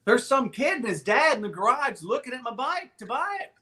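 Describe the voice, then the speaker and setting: Animated, profane storyteller in his fifties. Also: very high-pitched, fairly quick, noisy background. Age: 50s. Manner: animated, profane, jumps between voices. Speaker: podcast host. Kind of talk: casual storytelling.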